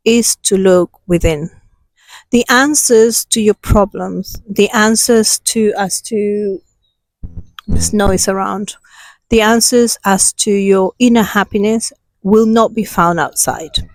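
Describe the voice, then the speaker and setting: A woman guides listeners through a meditation and then a heartfelt spiritual talk, in a slow and soothing voice. She stresses her key points firmly. The sound is dry and close, though she is outdoors. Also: mid-range voice, no room sound, poor audio. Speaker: self-healing channel host. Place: outdoors with passers-by.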